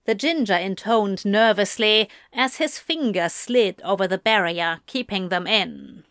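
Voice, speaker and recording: A woman narrating a fan fiction story aloud with measured, expressive delivery. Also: medium pitch, no room sound, studio quality. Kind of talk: audiobook reading of fan fiction.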